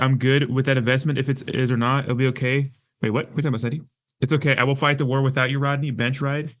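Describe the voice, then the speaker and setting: A man's voice: medium pitch, fairly bright tone. Profane, heated man streaming live. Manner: profane, heated, reacting to chat. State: hungover. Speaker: crypto livestream host. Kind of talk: casual livestream chat reading comments.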